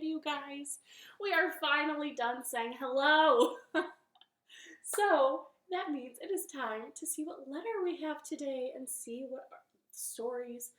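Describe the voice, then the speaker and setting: A cheerful woman hosts a children's storytime from her living room, speaking straight to young listeners. Her voice sits high and her delivery is slow and gentle. The sound is roomy, with a faint ukulele in the background. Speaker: library storytime host.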